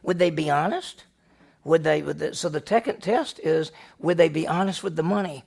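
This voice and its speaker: Guy pastor running bible class, kinda high voice w some gravel in it, keeps throwing questions at the room. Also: moderate pace. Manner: animated, quizzes the class with questions. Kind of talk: Bible study lesson with scripture reading.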